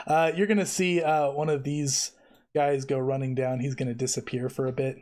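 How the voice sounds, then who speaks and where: A man's voice: mid-range voice, little pitch movement, moderate pace, darkish tone. A man running a tabletop game as game master, narrating in a casual, easygoing way.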